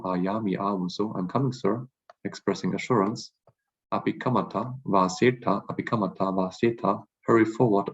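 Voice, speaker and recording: A low-voiced, husky man lectures through a word list, saying each term twice before he glosses it. The sound is muffled and lo-fi. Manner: repeats each word slowly, then glosses it. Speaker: language teacher. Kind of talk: lecture reading vocabulary aloud.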